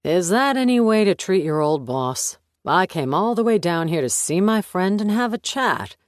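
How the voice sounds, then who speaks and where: A man's voice: high voice, very animated, normal speed, clean tone, no room sound, studio quality, voice pushed up. A man voicing a persuasive, needling FBI boss with a coaxing, slightly raised tone.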